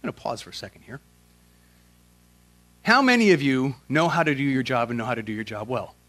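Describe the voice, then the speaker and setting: A man preaching a sermon as a pastor, in a casual, slangy way, swinging from loud emphatic questions to quiet, earnest prayer. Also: medium pitch, lively intonation, brisk.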